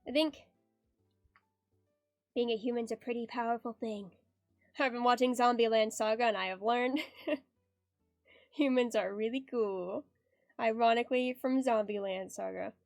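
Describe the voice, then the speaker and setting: A bubbly young woman with a high, bright-sounding voice chats casually while she draws on stream. She giggles often and reads her chat aloud. The sound is dry and close, with faint music playing behind her. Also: steady tone, measured pace, creaky, long pauses, dry recording. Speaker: art streamer.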